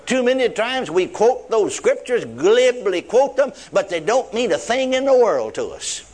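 An older man delivers a sermon in a high-pitched voice. He repeats his key phrases and leans hard on single words, slowing to draw them out. Folksy turns of phrase and frequent cries of praise run through his preaching. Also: very animated, a little mellow. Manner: repetitive emphatic preaching with frequent praise interjections.

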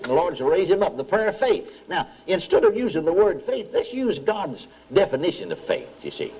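In a slightly high voice, an older preacher tells a lively sermon story, performing the dialogue, repeating lines, and calling out to the congregation for amens. The highs are cut off in the recording, and there's a little hiss or hum.

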